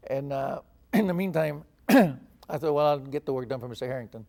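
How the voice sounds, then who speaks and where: A man's voice: medium pitch, normal speed, vocal fry, darkish tone. An older man from Texas recounting his past in an oral history interview, acting out the dialogue he quotes. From San Antonio, Texas. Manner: storytelling, acts out quoted dialogue. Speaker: veteran interviewee.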